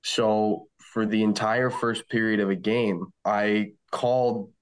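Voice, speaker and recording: A man's voice: lowish voice, level tone, takes it slowly, clean tone. A man who works as a sports play-by-play broadcaster, chatting casually and joking around. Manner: joking, laughs easily. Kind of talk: casual chat.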